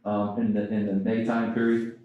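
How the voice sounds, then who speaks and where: A low-voiced man talks fast through a long report, stringing points together with frequent "um"s. His voice stays flat and level. He sounds far from the mic in a very echoey meeting room. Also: muffled recording. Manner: quick, rambling with many fillers. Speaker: school principal. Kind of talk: reading a report at a board meeting. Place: school board meeting room.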